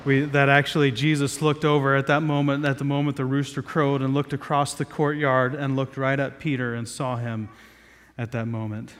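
A man's voice: medium pitch, flat delivery, moderate pace, a bit bright, long reverb tail. A man from Southeast Ohio preaching a sermon in a conversational way, with many fillers and restarts, gathered outdoors in a square.

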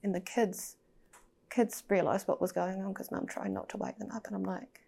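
A woman's voice: mid-range voice, fairly even intonation, moderate pace, gravelly, dark tone, slightly rough. A woman telling a personal story as a podcast guest, candid and emotional, swearing and sometimes dropping to a near-whisper.

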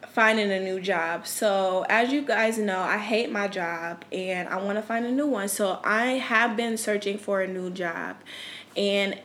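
A woman's voice: mid-range voice, a bit bright. Profane, venting young woman podcaster. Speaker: podcast host. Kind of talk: casual solo podcast rant.

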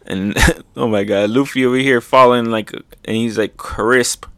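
Excitable young man reacting to a comic. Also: medium pitch, moderate pace, smooth, no echo. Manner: excitable, laughing often, sound effects.

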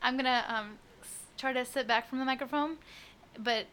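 Sarcastic young woman podcast host, bright tense voice, kinda high. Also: fairly even intonation, normal speed, slight background noise. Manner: sarcastic, joking. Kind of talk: casual chat.

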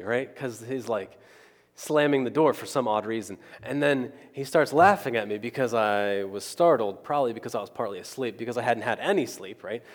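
A man delivers a sermon as a casual personal story, often pausing to check in with his listeners. His voice sits at an ordinary middle pitch. It rings out with a long reverb through a large hall. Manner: conversational, keeps asking the crowd "right?".

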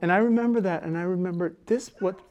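A man preaching a sermon as a pastor. He talks conversationally with fillers, and swings between loud, emphatic preaching and soft, low asides. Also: fast talker. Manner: conversational, with fillers and self-corrections.

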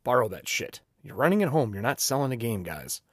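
A man talks through game-running tips in a loose, emphatic way, his pitch jumping up and down as he leans into points. The sound is dry and close, with no room around it. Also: fairly quick, breathy edge, no room sound. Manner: animated, emphatic, swears casually. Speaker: game master giving advice. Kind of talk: casual advice talk.

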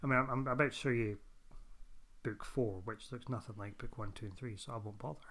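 A man's voice: medium pitch, fairly quick. A man, co-hosting a podcast and chatting casually about a comic he likes. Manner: relaxed, rambling comic review. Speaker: podcast co-host. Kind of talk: casual chat.

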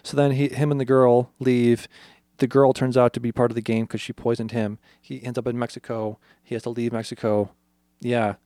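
Man, podcast co-host, lively storyteller, dry close sound. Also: mid-range voice, moderate pace, no room sound. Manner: animated storyteller, acts out quotes, swears freely. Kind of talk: casual chat, retelling a movie plot.

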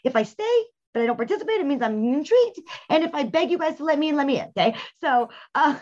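A woman hosting a podcast, telling frank, animated stories in casual chat with bursts of laughter. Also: sits high, quick pace, a little hiss or hum. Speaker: podcast host. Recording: dull lo-fi sound.

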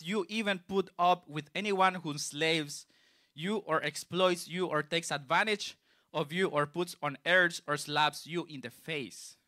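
A man's voice: on the high side, pushed and bright, dry recording, clean studio sound. A man preaching a sermon in a conversational way, reading scripture aloud and then explaining it in plain, casual words. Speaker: youth preacher.

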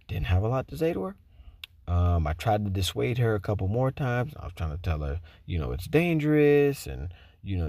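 Gravelly-voiced man telling a classroom story. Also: dry recording. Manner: animated, profane, acts out quotes in a higher voice. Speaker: teacher. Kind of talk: casual storytelling.

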